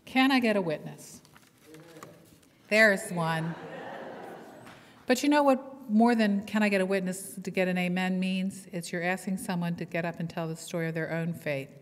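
A woman's voice: lowish voice, fairly quick, hardly any pauses, slight background noise. Woman pastor preaching in reverberant church. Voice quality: lively storytelling, playful call-and-response with congregation. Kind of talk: sermon. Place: church sanctuary. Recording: long hall reverb in church.

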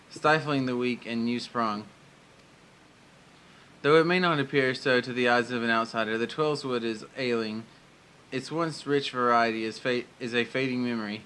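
A man reading the lines of a kindly, solemn male instructor, slow and formal. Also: mid-range voice, fairly even intonation, a bit bright, a little hiss or hum, natural voice, poor audio.

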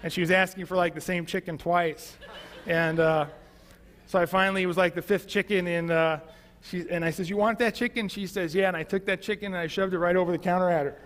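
A pastor shares his testimony in an easy, conversational sermon full of fillers and restarts. His voice sits high for a man. The sound rings with the long reverb of a church hall. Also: steady tone, a little fast, fairly bright tone. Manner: conversational storytelling with many fillers.

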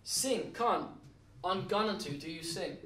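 A man's voice: high-pitched, unhurried, a bit bright, far from the mic, a little hiss or hum. A man with an Irish accent teaching an Irish language lesson at a whiteboard, patiently spelling out letters and walking through examples. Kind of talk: recorded classroom lesson at a whiteboard. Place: classroom with a whiteboard. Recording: echoey room, voice off-mic.

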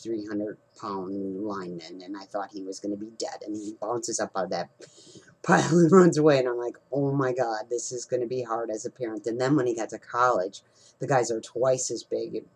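A husky-voiced middle-aged man talks at a relaxed, conversational pace. He tells a story to his team in a rambling, loose way, stopping and restarting his sentences. His voice sits at an ordinary pitch with a slightly rough, breathy edge. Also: low-quality recording. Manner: rambling, with many restarts and fillers. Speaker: team leader hosting a call. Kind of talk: casual storytelling talk.

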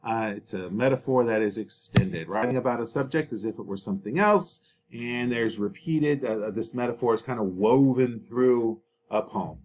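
A male teacher talks through a slideshow lesson in a loose, chatty way. He drops fillers and little joking asides as he goes, at a mid-range pitch. A faint hiss runs under the recording. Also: moderate pace, a little mellow. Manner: casual and chatty, with filler words and self-talk asides.

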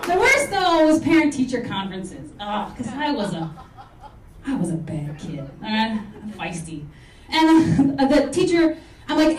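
Performing stand-up in an echoey club with faint background noise, this American woman has a slightly high, husky, sing-song voice. She fires off brash, punchy material at a rapid clip and slips into character voices.

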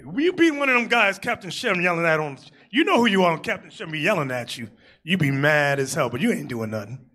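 A man preaching to a congregation in a high, bright voice that swings widely in pitch. He tells stories, jokes with the room and breaks into loud shouted asides. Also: fairly quick. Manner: animated, joking storytelling with shouted asides. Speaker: bishop preaching. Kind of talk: sermon.

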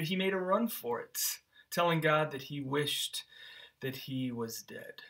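Earnest pastor, bright forceful voice. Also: male voice, fairly high pitch. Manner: earnest, restarts words often, slows and softens on key phrases. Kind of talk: short devotional sermon with scripture reading.

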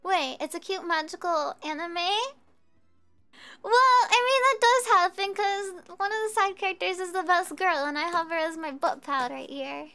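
A woman streamer chatting casually with viewers while she plays a game, bubbly and quick to giggle. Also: very high-pitched, faint music behind. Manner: bubbly, giggly, easily excited. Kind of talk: casual gameplay chat.

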